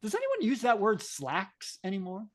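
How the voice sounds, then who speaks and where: A man's voice: high-pitched, wildly swooping pitch, normal speed. A middle-aged man co-hosting a podcast, chatting easily about comics and everyday words and chuckling often. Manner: easygoing, chuckling, conversational. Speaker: podcast co-host. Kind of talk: casual chat about comics.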